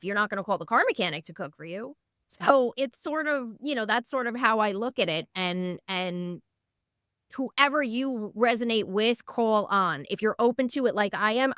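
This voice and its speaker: Earnest, chatty woman, smooth and dry. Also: mid-range voice, dry recording. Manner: animated storyteller, lively and earnest. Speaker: podcast guest, author. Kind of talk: casual interview chat.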